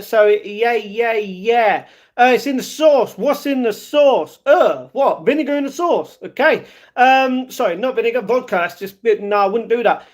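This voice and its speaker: A man with a very high voice chats on a live stream from home. He greets viewers one by one and talks back to their messages in an upbeat, chatty way. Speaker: live streamer reading chat. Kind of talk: casual live-stream chat.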